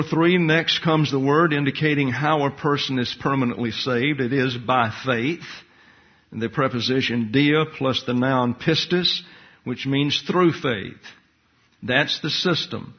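A man with a slightly husky voice teaches scripture point by point, methodical and deliberate as he parses each word. The recording sounds dull and muffled, like an older lo-fi tape. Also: medium pitch. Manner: methodical, enumerating points and parsing Greek words. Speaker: bible teacher. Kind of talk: expository Bible teaching.

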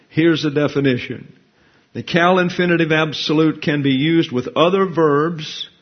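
A man teaching a Bible study, explaining Hebrew grammar in a careful, methodical way to his class. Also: on the high side. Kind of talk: verse-by-verse Bible study lecture. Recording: dull lo-fi recording.

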